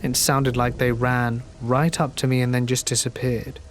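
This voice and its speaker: A man calmly narrating true horror stories in a steady, scripted reading. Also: medium pitch, normal speed, slight background noise.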